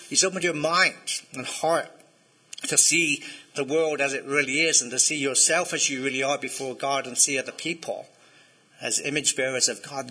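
A man's voice: on the high side, bright, forceful tone, husky, low-quality recording. A man preaching a sermon in a conversational way, often checking in with his listeners. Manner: conversational, asks the congregation to respond. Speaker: pastor.

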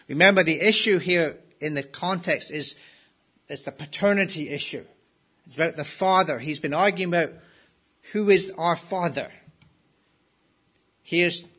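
Higher-voiced man preaching an emphatic sermon. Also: fairly bright tone. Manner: emphatic, dramatizes quoted lines with rising intensity. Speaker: pastor. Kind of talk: expository sermon.

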